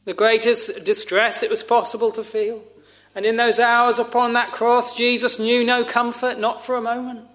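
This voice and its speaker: A man preaching a sermon in a slow, solemn, measured way with long pauses, sometimes dropping to a hush. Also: very high-pitched, level tone.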